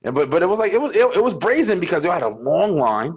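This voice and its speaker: A quick-talking young man with a husky voice tells cursing-laced stories in a relaxed chat. His pitch swings widely as he acts out the lines of the people in them. The recording is a little muffled and lo-fi. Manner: loose, profane storytelling with acted-out quotes. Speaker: co-host. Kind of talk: casual chat.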